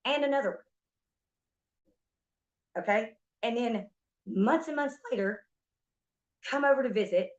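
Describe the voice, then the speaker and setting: A woman's voice: fairly high pitch, measured pace, long pauses. A young woman streamer telling a story in a heated, profane rant, venting about a stolen ring. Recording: dull lo-fi stream audio.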